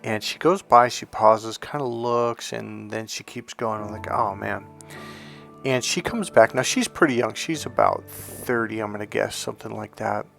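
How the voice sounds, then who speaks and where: A man's voice: fairly low pitch, normal speed, vocal fry, hardly any pauses, a bit bright, soft background music. A man who works as a relationship coach, telling a story in a rambling, casual monologue with folksy asides.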